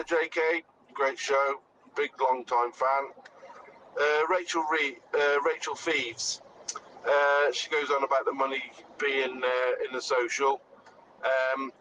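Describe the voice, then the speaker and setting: A man from Shropshire phones into a radio show with a plain-spoken complaint. He speaks slowly in a fairly high voice for a man. Faint vehicle noise hums behind him. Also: fairly bright tone, rough recording. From Shropshire, England. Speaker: caller. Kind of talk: phone-in call.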